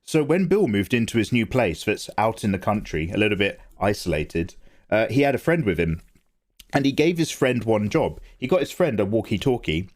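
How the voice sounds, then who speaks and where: Animated joking man streaming. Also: fairly low pitch, normal speed. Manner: joking, animated, reads out viewer names and replies to chat. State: tired. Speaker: art livestreamer. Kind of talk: casual livestream chat.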